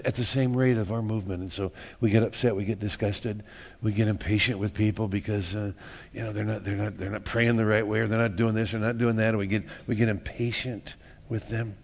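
A man's voice: on the low side, steady tone, brisk, few pauses, darkish tone. A man preaching a sermon in a church, folksy and joking, repeating words and acting out little everyday scenes. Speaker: pastor.

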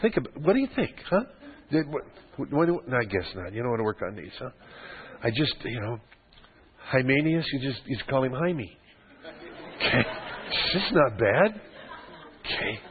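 A man's voice: medium pitch, very animated, normal speed, pauses often. An older man preaching a sermon as pastor, teaching from scripture with joking, conversational asides to the congregation. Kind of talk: expository sermon. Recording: phone-like lo-fi radio broadcast.

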